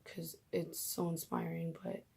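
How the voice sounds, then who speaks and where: A woman's voice: sits low, little pitch movement, a little slow, gravelly, mellow, husky. A young woman vlogging casually about her faith, emotional and gushing, often dropping into whispers.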